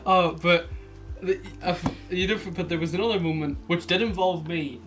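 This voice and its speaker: A young man with a notably high voice chimes into a podcast chat, giggling and restarting his sentences. Faint music runs beneath the conversation. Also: steady tone, moderate pace. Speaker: podcast co-host. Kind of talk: casual chat.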